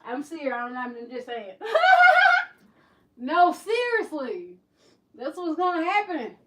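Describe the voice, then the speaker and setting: High-voiced woman chatting candidly. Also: big pitch swings, normal speed, rough recording. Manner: candid and rambling, with many restarts. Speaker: livestream host, beauty business. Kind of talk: casual livestream chat.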